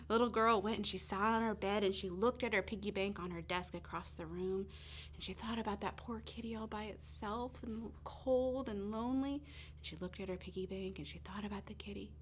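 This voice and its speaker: A woman telling a Bible story to young children at chapel, expressive and sometimes dropping to a hush. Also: mid-range voice, moderate pace, a little hiss or hum. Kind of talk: children's story and short sermon.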